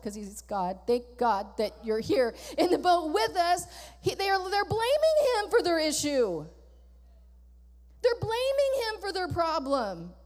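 A woman pastor preaching a sermon with animated, emphatic delivery and lots of repetition. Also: high-pitched. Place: church sanctuary. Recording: church hall reverb.

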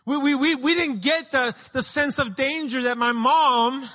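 A man preaching a sermon, telling a family story in an animated way and acting out each scene. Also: very high-pitched, unhurried.

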